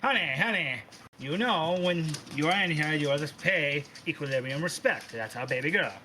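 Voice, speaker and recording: A man's voice: on the high side, lively intonation, moderate pace, slight background noise. A man voicing a bossy, short-tempered mother goddess who scolds with crude words. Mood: scolding. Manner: scolding, crude, sharp-tongued.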